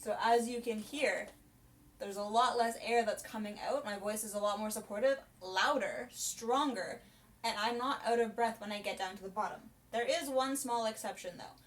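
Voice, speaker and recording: A young soprano singing teacher chats and explains her way through a casual vocal lesson, her voice fairly high and her pace moderate. She sounds distant from the mic, with a piano playing behind her.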